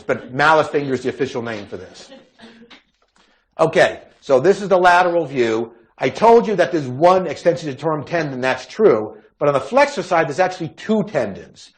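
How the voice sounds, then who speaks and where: Man giving a casual medical lecture. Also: fairly high pitch. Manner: conversational, wry asides. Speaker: physician lecturer.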